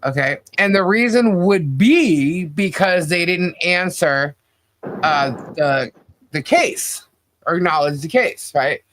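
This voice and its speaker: A man co-hosting a podcast in casual commentary chat, animated and quick with asides. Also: high-pitched, slight background noise. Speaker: podcast co-host.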